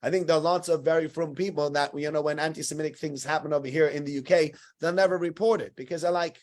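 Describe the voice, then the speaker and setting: A man teaching a weekly Torah lesson. His voice sits fairly high for a man. He talks in an animated, conversational way and tells his points as stories. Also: fast talker, few pauses.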